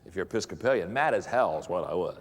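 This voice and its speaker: A middle-aged man, a pastor giving a humorous live talk to an audience, telling stories in an animated, self-mocking way and often repeating words. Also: low voice, quick pace, big-room sound. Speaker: pastor and leadership speaker. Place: large hall with an audience.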